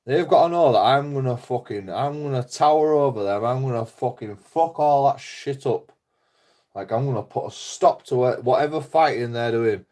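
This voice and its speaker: A man's voice: mid-range voice, moderate pace, warm tone. A man talking in a casual, rambling monologue, blunt and full of swearing, often laughing. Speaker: YouTuber.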